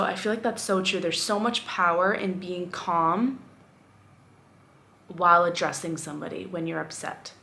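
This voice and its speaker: A woman's voice: medium pitch, creaky, fairly bright tone. Candid, rambling young woman vlogger. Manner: candid, rambling, self-reflective, with frequent fillers. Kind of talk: casual talking-head vlog.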